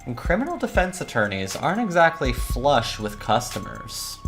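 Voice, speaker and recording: A woman's voice: a bass voice, very animated, normal speed, pitched above the performer's own voice, full character voice. A woman reading aloud as a weary, cynical criminal defense attorney in a visual novel, with a wry noir monologue delivery over faint music. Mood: brooding.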